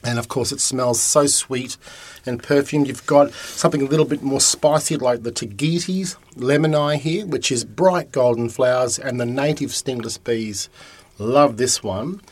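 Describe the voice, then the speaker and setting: A man's voice: medium pitch, measured pace, husky. A man chatting enthusiastically about garden plants and cooking in a casual radio talk. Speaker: gardening and cooking guest expert.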